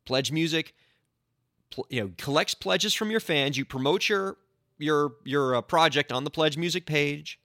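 A man hosting a solo podcast as an entertainment lawyer, talking in an animated, indignant way with playful sarcasm into a close microphone. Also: fairly high pitch, a little slow, no room sound.

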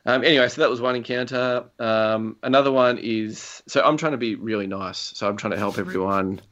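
A man's voice: medium pitch, brisk, fairly bright tone. A young man chatting casually about a video game, rambling through stories with lots of fillers and chuckles. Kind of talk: casual gaming chat. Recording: slightly dull lo-fi recording.

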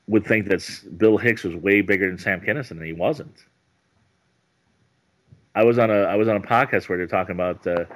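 A male stand-up comedian chatting as a podcast guest, rambling with halting restarts. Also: sits low. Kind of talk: casual podcast interview.

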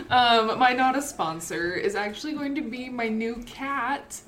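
A woman's voice: fairly high pitch, unhurried, few pauses, a bit bright, slight background noise. A woman co-hosting a podcast in casual chat, bubbly and rambling, laughing often. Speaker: podcast co-host.

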